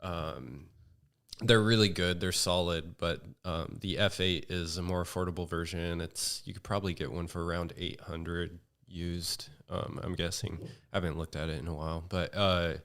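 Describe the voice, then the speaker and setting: Deep, smooth monotone man. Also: moderate pace. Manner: rambling, with many fillers and restarts. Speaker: podcast guest. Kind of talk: casual chat.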